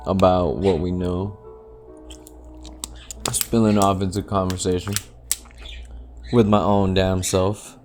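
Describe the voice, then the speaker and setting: A man's voice: deep voice, a little mellow. A man hosting his own podcast alone, rambling casually, swearing freely and laughing often. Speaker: podcast host. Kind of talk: casual solo podcast chat. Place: home by a window.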